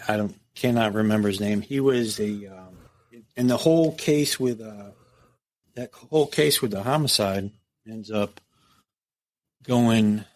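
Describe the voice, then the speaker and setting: Profane middle-aged man telling a story. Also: lowish voice. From United States. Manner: profane, animated storytelling, acts out quoted dialogue. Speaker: podcast guest, former prison captain. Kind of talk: casual storytelling interview.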